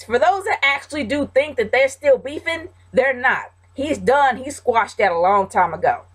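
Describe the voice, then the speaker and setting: A woman's voice: sits high, lively intonation, moderate pace. A woman hosting a casual question-and-answer vlog, giving blunt, emphatic opinions. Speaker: wrestling vlog host.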